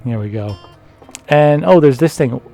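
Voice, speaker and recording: A man's voice: medium pitch, expressive, unhurried, gravelly, warm tone, faint music behind. A Canadian man giving rambling, laugh-filled commentary while playing a video game. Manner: rambling, self-deprecating, laughs often. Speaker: gameplay commentator. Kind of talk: casual let's-play commentary.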